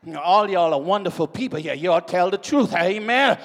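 A man preaching a sermon, shouting out drawn-out phrases in call-and-response style. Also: high-pitched, animated. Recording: long church-hall reverb.

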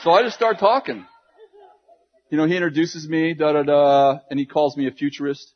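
A man preaching to a congregation, telling a funny story in an animated way with laughs and quick asides. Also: on the high side, slight background noise. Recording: dull lo-fi sound.

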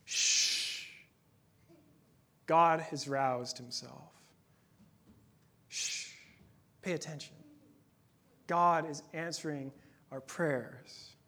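A man in his thirties preaching a sermon in a conversational, earnest way, dropping to a hush at times. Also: on the high side. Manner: conversational, earnest, with dramatic pauses and hushed moments. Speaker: pastor.

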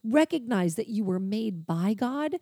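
A woman's voice: on the high side, animated, unhurried, mellow, no room sound. A woman co-hosting a faith discussion podcast, speaking earnestly and with emotion, often in a preaching tone. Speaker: podcast co-host.

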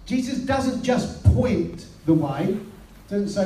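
A British man preaching a sermon, telling the story and quoting scripture in a lowered voice. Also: expressive, takes it slowly, mellow. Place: church hall. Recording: roomy sound from a distance.

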